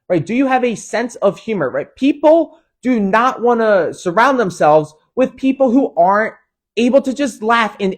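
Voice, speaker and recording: A man hosting a motivational talk, asking the listener questions and tagging nearly every point with "right?", with frequent restarts. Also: high-pitched. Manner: repeats "right?" after each point, restarts often; coaching, asks the listener many questions. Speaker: host.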